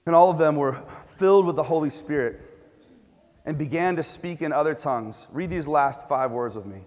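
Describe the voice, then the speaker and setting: A male pastor preaching a sermon, telling stories with lively sound effects and asides. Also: a little high, moderate pace. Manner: animated storytelling with sound effects. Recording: echoey hall reverb.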